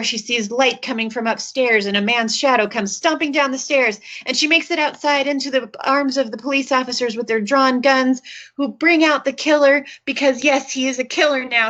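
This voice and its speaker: Sarcastic bright-voiced woman podcast host. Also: on the high side, dull audio. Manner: sarcastic, wry asides while telling a story. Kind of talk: casual storytelling chat.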